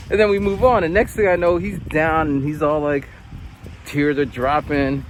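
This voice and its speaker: A man in his forties, an English teacher, casually telling stories in a vlog and acting out quotes with big jumps in pitch. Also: fairly even intonation, normal speed, a little hiss or hum. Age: 40s.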